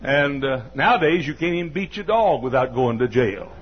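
A man's voice: mid-range voice, expressive, moderate pace, slight background noise. An older man with a Southern American accent preaching a sermon, telling a folksy story and scolding his listeners now and then. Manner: folksy, scolds the audience, bursts into shouts. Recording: dull lo-fi sermon recording.

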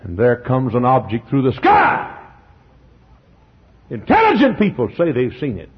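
A man preaching a fiery revival sermon, swinging from hushed passages to shouting and often clearing his throat. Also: mid-range voice, wildly swooping pitch, a little slow, dull audio.

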